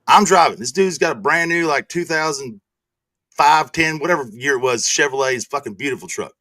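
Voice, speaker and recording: Profane animated storytelling man. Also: on the high side, a little fast, dry recording. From Texas. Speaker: stream host. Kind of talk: storytelling in casual chat.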